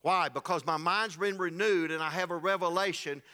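A man preaching a sermon as pastor, telling a scripture story in an animated way, acting out its people and building to loud, rising passages. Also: high-pitched, moderate pace. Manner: acts out the voices of the people in the story.

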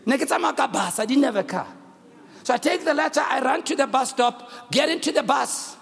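A pastor with a very high, creaky voice preaches briskly and loudly, telling a story and calling out to his congregation while switching between English and local languages. The recording is from a reverberant hall with faint room noise.

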